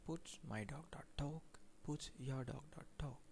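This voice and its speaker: A man's voice: a little high, a little slow, a little mellow, a little hiss or hum. A man teaching programming in a screen-recorded tutorial, reading code aloud line by line and plainly explaining what it does. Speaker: programming instructor.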